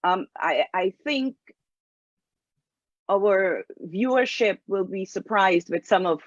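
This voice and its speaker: A woman host asking careful, deliberate interview questions. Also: mid-range voice, animated, no echo. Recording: dull lo-fi sound.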